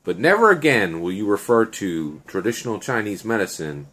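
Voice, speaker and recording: A man's voice: lowish voice, very animated, moderate pace, a bit bright. A man voicing a proud young delivery guy who earnestly lectures about respect and his car, in a slightly raised voice. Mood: lecturing.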